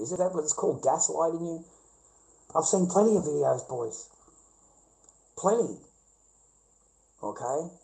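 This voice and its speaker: Older Australian man ranting, slightly high. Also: a little mellow, rough recording. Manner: repetitive, profane and emphatic. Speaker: livestreamer. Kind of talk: livestream rant.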